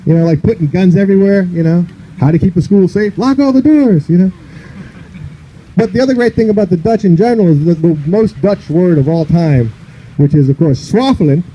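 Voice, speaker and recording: A male stand-up comedian with a high but dark, mellow voice rambles loosely through his set, leaning on "you know" between jokes. He performs outdoors in a park, with faint open-air noise around him. He grew up in the northern United States. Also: a little fast, lo-fi sound.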